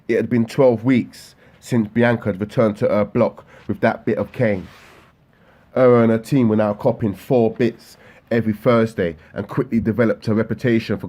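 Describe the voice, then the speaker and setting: Male audiobook narrator, low husky voice, steady matter-of-fact reading, faint music underneath.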